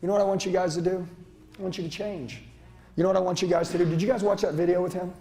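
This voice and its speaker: High-pitched, intense male sales trainer. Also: steady tone, very fast. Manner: intense, profane, shouting and lecturing. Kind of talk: motivational seminar speech. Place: seminar room with live audience. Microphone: handheld mic.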